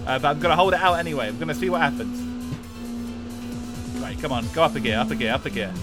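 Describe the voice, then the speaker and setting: A man's voice: on the high side, fast, over loud music, close to an everyday voice. A man putting on a jokey Cockney accent while streaming a racing game, with hammy, boisterous banter. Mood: cheeky. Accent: put-on Cockney.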